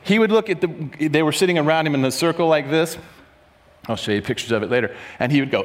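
A slightly high-voiced man preaches to a crowded room, telling a story with lively energy. He shifts from quiet, low asides to sudden loud, animated bursts as he acts out what others said. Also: fast. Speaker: pastor. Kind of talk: sermon storytelling. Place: large room before an audience.

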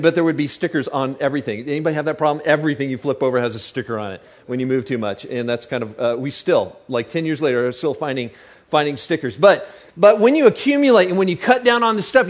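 A man preaching a sermon to a live audience in a chatty, joking way, often asking the crowd questions. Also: fairly high pitch.

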